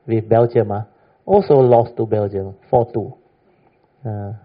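A man giving an informal Buddhist Dhamma talk, emphatic and chatty, often checking whether his listeners understand. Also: on the low side. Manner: keeps asking "understand or not?", emphatic and chatty. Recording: dull lo-fi recording.

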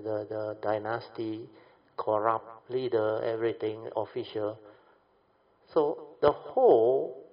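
A man's voice: mid-range voice, vocal fry. A man giving an informal lecture to an audience, lecturing with rhetorical questions and tag particles. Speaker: speaker addressing an audience. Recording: dull lo-fi recording.

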